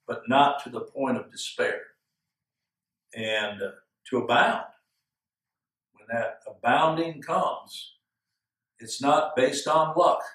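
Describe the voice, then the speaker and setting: A male pastor giving an earnest, measured sermon with slow, emphatic phrases. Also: medium pitch. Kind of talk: expository sermon. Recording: echoey room, from far off.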